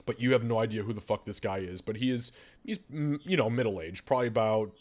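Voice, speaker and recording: A man's voice: fairly low pitch, fast talker, darkish tone. A man running a tabletop game as game master, describing scenes in casual, conversational narration.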